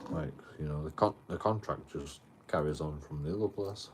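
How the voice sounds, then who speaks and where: A man's voice: very deep voice, moderate pace, noisy background. A man telling a story outdoors, rambling, swearing heavily and restarting his sentences. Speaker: livestreamer. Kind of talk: casual storytelling.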